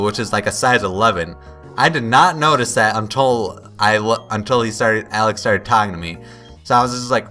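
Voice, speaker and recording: Casually storytelling over gameplay, this young man uses a lowish voice that sounds pushed and bright. He rambles, interrupts himself to begin again, and recounts his own words.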